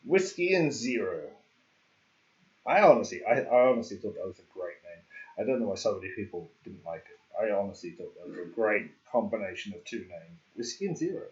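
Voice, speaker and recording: A man's voice: fairly low pitch, sing-song, brisk, highs cut off. A man streaming a game, chatting casually, rambling and joking and laughing at himself. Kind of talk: casual livestream chat.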